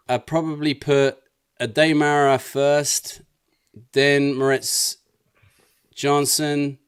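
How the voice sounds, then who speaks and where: A man's voice: medium pitch, clear, resonant tone, no echo, clean studio sound. A man with an Irish accent co-hosting a casual podcast, hesitant and self-mocking. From Ireland. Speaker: podcast co-host. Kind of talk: casual roundtable chat.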